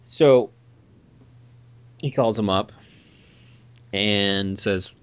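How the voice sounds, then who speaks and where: A young man chatting casually, telling a rambling roommate story with lively asides. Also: low voice, unhurried, no echo. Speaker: guest storyteller. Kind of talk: casual chat.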